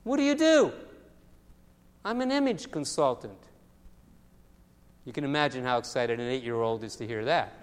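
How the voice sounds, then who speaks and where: A man preaching a sermon as pastor, telling stories in a lively way and often repeating his words. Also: medium pitch, normal speed, long pauses, clean tone. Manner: storytelling, animated with acted voices, repeats words. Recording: long hall reverb.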